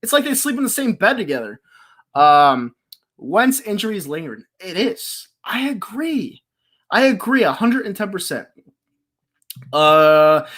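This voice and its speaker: A woman in her twenties from the Philadelphia area, hosting a live stream and ranting about her team in a passionate, exasperated, yelling way. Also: lowish voice. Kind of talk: heated live-stream sports rant.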